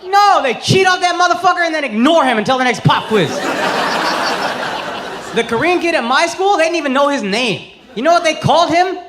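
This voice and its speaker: A brash man in his thirties works a stand-up crowd with a high, lively voice that jumps all over. He swears freely and punches out his lines. Loud laughter and cheering from the audience roll behind him on a live club recording. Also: brisk, noisy background. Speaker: stand-up comedian. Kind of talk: stand-up comedy set. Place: comedy club stage before a laughing audience.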